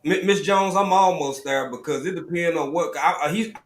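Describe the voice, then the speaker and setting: A man with a Southern US accent, hosting a live stream panel, telling stories in lively slang over a video call. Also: on the high side, moderate pace, echoey room, very noisy. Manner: animated, storytelling, drawling slang. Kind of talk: casual panel talk.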